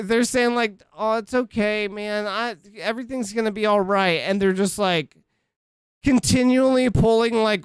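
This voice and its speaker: Thirties male streamer, slightly high, clean resonant voice, dry close sound, rambling and profane. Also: smooth, dry recording. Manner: rambling, profane, self-interrupting. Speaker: livestreamer. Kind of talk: casual stream chat. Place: home streaming setup.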